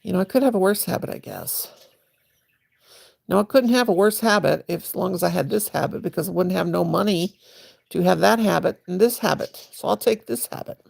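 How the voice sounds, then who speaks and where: A woman's voice: lowish voice, fairly quick, creaky, a little mellow, breathy edge. A woman hosting a crochet livestream, chatting to viewers in a rambling, folksy way while she crochets. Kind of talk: casual livestream chat.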